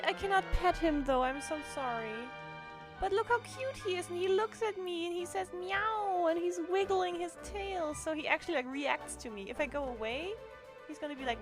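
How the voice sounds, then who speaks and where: Excitable high-voiced woman streamer. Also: normal speed, over music. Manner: excitable, laughs often, shouts in bursts. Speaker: game streamer. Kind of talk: casual live-stream commentary.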